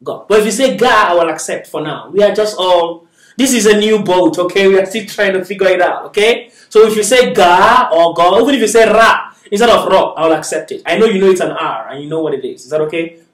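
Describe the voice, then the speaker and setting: A man's voice: high voice, lively intonation, fast talker, echoey room, far from the mic. A man teaching a beginners' Arabic class, patiently drilling syllables aloud and constantly checking that his students are following. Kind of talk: classroom lesson.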